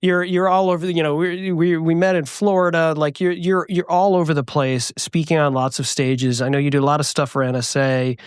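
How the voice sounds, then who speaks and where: A man's voice: fairly high pitch, steady tone, fairly quick, hardly any pauses, smooth, no room sound, clean studio sound. Rambling, filler-heavy man host. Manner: rambling, hesitant, many fillers. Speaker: podcast host. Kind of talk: casual interview chat.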